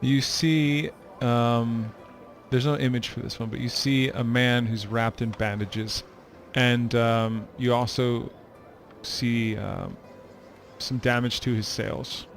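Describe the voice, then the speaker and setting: A man narrating as a game master, describing scenes in a relaxed, hesitant way with many ums. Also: medium pitch, slow pace, faint music behind.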